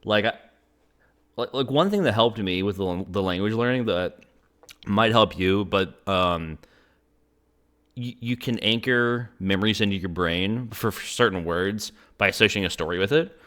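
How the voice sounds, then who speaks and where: A man's voice: fairly low pitch, normal speed, fairly bright tone. A young man interviewing a guest in a casual chat, rambling with many "um"s and "you know"s. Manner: rambling, many fillers and restarts. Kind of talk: casual conversation.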